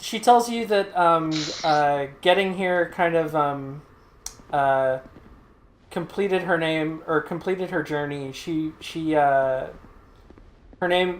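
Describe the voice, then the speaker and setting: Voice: mid-range voice, slow, roomy sound, slight background noise. A let's play host casually recapping a game's story, full of fillers and hesitations. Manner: hesitant, many fillers, explains patiently.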